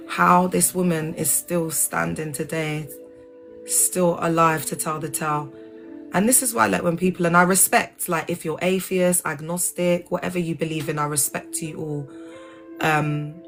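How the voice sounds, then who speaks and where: A woman hosting a casual livestream, talking in an animated, digressive way and spelling out sensitive words letter by letter. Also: low-pitched, creaky. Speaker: livestream host. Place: lives in England.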